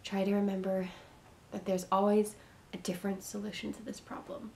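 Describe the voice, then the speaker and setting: A young woman talks straight to the camera in a casual advice vlog, earnest and reassuring, repeating herself to press each point home. Her voice sits in an ordinary middle register. A faint low rumble hums under the recording. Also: level tone, moderate pace, gravelly, warm tone. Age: young adult. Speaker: vlogger giving advice to teen parents.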